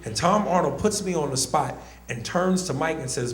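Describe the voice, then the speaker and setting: A man's voice: on the high side, lively intonation, normal speed, reverberant. A man doing stand-up comedy, telling brash stories to a club audience. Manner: brash, storytelling.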